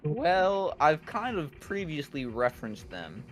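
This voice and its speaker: A man's voice: on the high side, big pitch swings, unhurried. A young man, a guest music producer, chatting candidly on a podcast and rambling with lots of fillers. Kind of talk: casual podcast chat.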